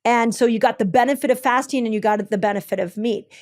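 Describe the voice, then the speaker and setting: A fast-talking woman with a fairly high, darkish voice lays out her ideas point by point. She's a health expert running her own clinic, conversational and enthusiastic, with many ums and restarts.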